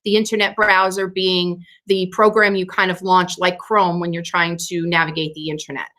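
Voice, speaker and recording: A woman's voice: lowish voice, little pitch movement, normal speed, sharp tone. Woman presenter losing her voice. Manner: explains steps casually with fillers. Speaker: teacher training presenter. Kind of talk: screen-share training session.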